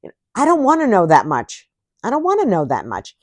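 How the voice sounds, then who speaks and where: Chatty sarcastic woman vlogger, lively pitch. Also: a little fast, no echo. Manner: chatty and sarcastic, laughs often. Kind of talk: casual chat to camera.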